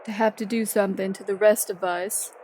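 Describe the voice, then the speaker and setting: A woman's voice: mid-range voice, steady tone, fairly quick, mellow, a little hiss or hum. A woman chatting eagerly as a player in a tabletop game. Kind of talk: casual chat during a tabletop game.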